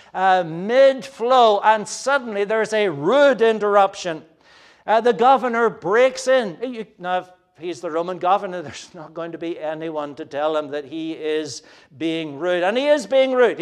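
A man preaching an expository sermon, earnest and explanatory, often pausing on fillers and turning to speak to the children. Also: high voice, smooth.

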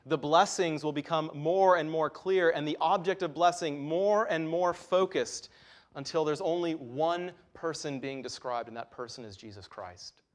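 A man's voice: on the high side, normal speed. A man preaching a sermon in an earnest, emphatic way, his voice rising and dropping to stress key points.

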